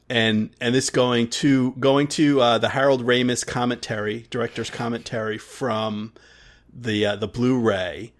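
Mid-pitched man rambling on a podcast. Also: steady tone, a little slow. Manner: rambling, many restarts and fillers, laughs often. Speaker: podcast co-host. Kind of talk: casual podcast chat.

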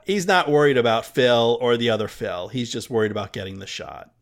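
A man co-hosting a casual film discussion, musing out loud with hesitant restarts. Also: medium pitch, brisk. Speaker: podcast co-host.

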